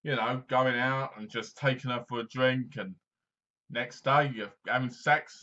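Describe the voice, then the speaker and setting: Chatty man with a bright voice. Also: medium pitch, fairly even intonation, measured pace, lo-fi sound. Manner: rambling, chatty, full of fillers. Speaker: film reviewer. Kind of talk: casual movie review.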